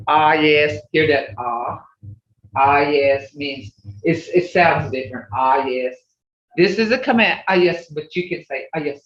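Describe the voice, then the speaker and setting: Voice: mid-range voice, a little slow, a bit bright, slight background noise. A language teacher leading an online class, patiently repeating example phrases over and over. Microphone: video call. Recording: echoey, dull video-call audio.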